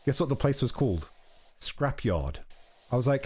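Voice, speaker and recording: A man's voice: mid-range voice, very animated, moderate pace, long pauses, warm tone, slightly rough. A young man from England with an English accent, chatting casually on a stream in a rambling, self-deprecating way, full of "like" and "dude". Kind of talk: casual chat.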